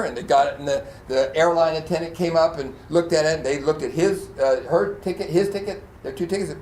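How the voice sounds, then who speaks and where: Speaking a little fast in a slightly high voice, a man preaches a sermon in church as pastor, bringing his stories to life with acted-out quotes and plenty of laughter. At moments he's choked up. The room echoes, and there's a little hiss or hum.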